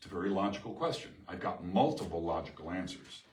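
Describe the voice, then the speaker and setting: A middle-aged man presents a live seminar to an audience in a meeting room, lively and emphatic, often asking the room questions. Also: low-pitched, fast, a little hiss or hum. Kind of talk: live workshop talk to an audience. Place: chamber of commerce meeting room. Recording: echoey room from far off.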